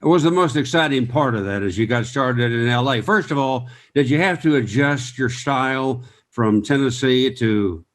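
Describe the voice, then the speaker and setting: A man's voice: medium pitch, moderate pace, few pauses. A man hosting an interview, asking his guest questions in a friendly, encouraging way. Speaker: interview host. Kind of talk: conversational interview.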